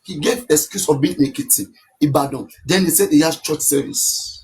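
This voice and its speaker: A man's voice: a little high, fairly quick, a little mellow. A Nigerian-accented man runs a live stream, his voice sitting a little above the usual male register. He talks things through at length, circling back and repeating his point with insistence. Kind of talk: casual live-stream talk.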